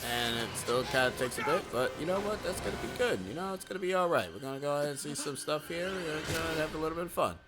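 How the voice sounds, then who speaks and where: A man co-hosting a game stream, rambling excitably through casual chat. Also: on the high side, very fast, hardly any pauses. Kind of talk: casual let's-play chat. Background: faint game music.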